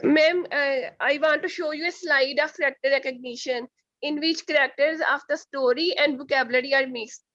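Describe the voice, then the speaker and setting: A high-pitched woman student speaks up in an online class. She sounds polite and a little hesitant, and her video-call audio comes through dull and dry. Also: normal speed, a bit bright, no echo. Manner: polite, hesitant, calls the teacher ma'am.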